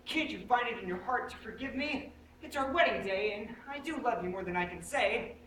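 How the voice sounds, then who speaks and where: A woman's voice: on the high side, animated, fairly quick, noisy background, lightly acted. A woman playing an earnest, lovestruck groom. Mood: pleading. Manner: pleading and earnest. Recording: echoey stage audio from far off, over music.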